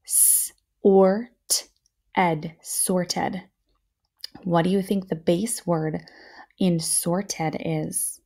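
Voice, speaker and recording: A woman teaching a children's phonics lesson, speaking slowly and clearly, encouraging her listeners. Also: fairly low pitch, steady tone, dark tone.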